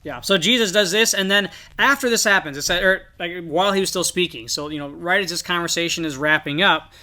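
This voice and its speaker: A man's voice: sits high, a little fast, bright, forceful tone. A man co-hosting a podcast, earnestly reflecting in a casual Bible discussion. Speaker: podcast co-host.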